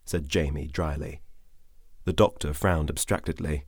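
A man narrating an audiobook in a measured, expressive storytelling manner. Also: very deep voice, husky, dry recording, clean studio sound. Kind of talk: audiobook reading.

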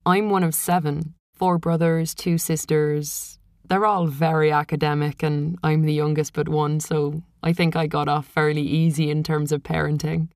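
A chatty young woman from a big family, as a woman plays her, talking matter-of-factly. Her voice sits low. The sound is close and dry. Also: flat delivery, normal speed, a little mellow, no room sound.

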